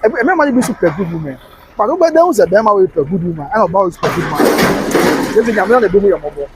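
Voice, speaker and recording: A man's voice: high voice, lively intonation, fairly quick, very noisy. Chatty Ghanaian man on a live stream. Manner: chatty, breaks into singing snatches, laughs often. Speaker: live stream host reading comments. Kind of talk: casual live chat, mixing English and Twi.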